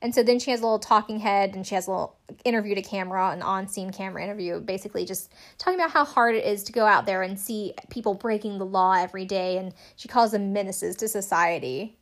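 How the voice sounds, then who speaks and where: A woman's voice: mid-range voice, fast. Chatty sarcastic young woman recapping. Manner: chatty, sarcastic, lots of "like" and laughs. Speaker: podcast host recapping a TV show. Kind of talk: casual recap chat.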